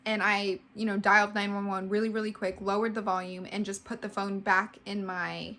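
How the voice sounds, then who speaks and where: Bright-voiced young woman telling a story. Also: medium pitch, level tone, normal speed. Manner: heavy use of "like", emotional retelling. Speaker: vlogger. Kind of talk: casual storytime narration.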